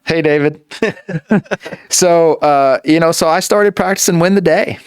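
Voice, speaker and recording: A man as a podcast guest in casual conversation, earnest and talking in halting, repeated starts. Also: a little high, clean tone, no echo, clean studio sound.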